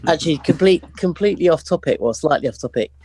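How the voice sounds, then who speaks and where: A man's voice: on the high side, animated, fast talker, crowd noise. A male podcast co-host in easygoing, chatty conversation. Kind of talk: casual chat.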